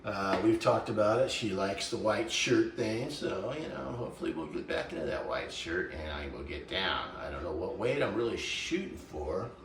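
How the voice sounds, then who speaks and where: A man's voice: sits low, animated, moderate pace, few pauses, fairly bright tone, reverberant, far from the mic, a little hiss or hum. A man in his sixties, chatting in a folksy, rambling, self-joking way while cooking at home. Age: 60s. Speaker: vlogger. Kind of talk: casual kitchen vlog. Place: home kitchen.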